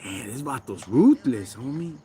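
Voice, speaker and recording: A man's voice: medium pitch, animated, moderate pace, warm tone, a little hiss or hum. A man with a Chicano accent hosting a casual livestream, ranting in street slang and talking back to his chat. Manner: slangy, preachy, talks to chat. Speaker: livestream host. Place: backyard.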